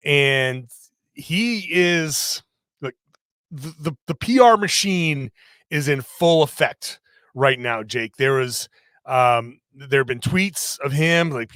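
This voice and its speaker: A man hosting a casual sports podcast, talking quickly and jokingly with his co-host. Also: mid-range voice, lively intonation, a bit bright, clear, resonant tone, no echo, clean studio sound.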